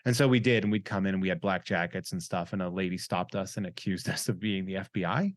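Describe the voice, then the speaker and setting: A young man hosting a podcast in casual, rambling chat, joking around and reading out listener shout-outs. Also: low-pitched, fast talker, no room sound, clean studio sound. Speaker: podcast host.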